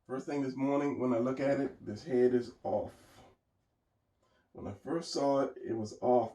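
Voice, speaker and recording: A man's voice: medium pitch, darkish tone, roomy sound, far from the mic, poor audio. A man thinking aloud as he talks through his drawing, casual and rambling. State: tired, hiccuping and yawning. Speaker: artist narrating a drawing session.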